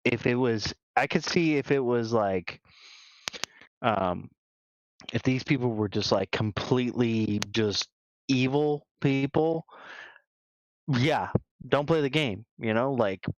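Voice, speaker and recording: A man's voice: medium pitch, takes it slowly, pauses often, slight background noise. A man co-hosting a gaming podcast, talking casually in a rambling way, full of restarts and "you know.". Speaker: podcast co-host. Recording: dull lo-fi dry sound.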